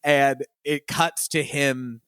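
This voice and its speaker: A man talks over a film in relaxed podcast chat, close to a dry-sounding mic with no room ring. His voice sits at an ordinary middle pitch. He retells scenes with energy and keeps breaking into laughter. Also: takes it slowly, clean tone, dry recording. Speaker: podcast co-host. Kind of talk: casual film discussion.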